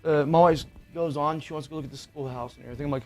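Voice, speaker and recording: A middle-aged man tells a personal ghost story in a loose, rambling way. His voice sits a bit high for a man, and he swears freely and fills the gaps with ums and you-knows. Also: steady tone, very fast, few pauses, darkish tone, soft background music. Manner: rambling, profane, with filler words. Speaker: podcast co-host. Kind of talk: casual storytelling chat.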